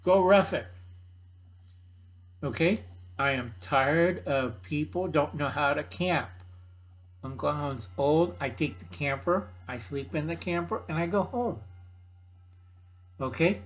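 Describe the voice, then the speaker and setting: Gruff joking man in his sixties. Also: measured pace, long pauses, dull audio. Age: 60s. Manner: gruff, blunt, jokey, calls himself by name; acts out other people's voices in a higher pitch. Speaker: channel host. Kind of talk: casual rambling chat.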